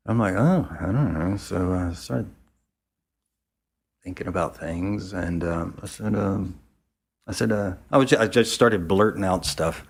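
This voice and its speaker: A man's voice: low-pitched, unhurried, vocal fry, breathy edge. A man from the American South, a photographer, casually telling a long anecdote and acting out what others said. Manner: rambling storyteller who acts out quoted speech. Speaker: photographer guest.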